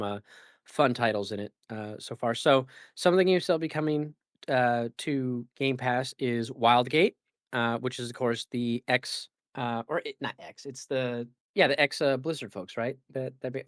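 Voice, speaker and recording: A man's voice: medium pitch, normal speed, no room sound, studio quality. A man hosting a casual gaming podcast, rambling with lots of fillers and restarts. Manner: rambling, filler-heavy and self-correcting. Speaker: podcast host.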